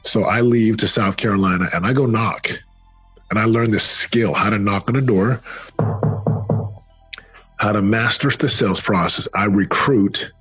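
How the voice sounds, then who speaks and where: A middle-aged man telling his life story in an interview, earnest and emphatic, slowing down on key phrases. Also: on the low side, fairly bright tone, husky, faint music behind. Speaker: interview guest, former football player and speaker.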